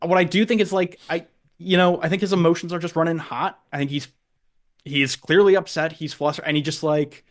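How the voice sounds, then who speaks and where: Guy cohosting a sports pod, kinda high voice, lots of likes and um. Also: steady tone, fairly quick. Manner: rambling, full of likes and restarts. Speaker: podcast co-host. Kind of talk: casual sports chat.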